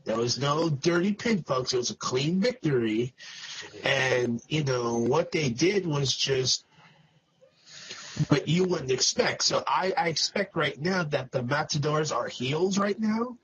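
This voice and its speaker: A man giving emphatic, drawn-out opinions as a casual podcast commentator. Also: fairly high pitch, animated, fairly bright tone. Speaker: wrestling show reviewer. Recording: dull lo-fi audio.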